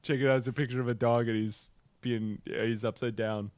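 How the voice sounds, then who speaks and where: A man co-hosting a comedy podcast, talking in an animated, rambling way and laughing often. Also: medium pitch, fairly quick, clean tone, no room sound. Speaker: podcast co-host.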